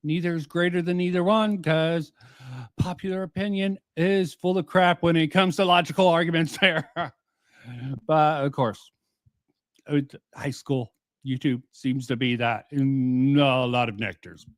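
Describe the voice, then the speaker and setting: Man reacting casually, scoffing and swearing, slightly higher voice, dry sound. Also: steady tone, measured pace, no room sound. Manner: profane, rambling, scoffing. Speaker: reaction commentator.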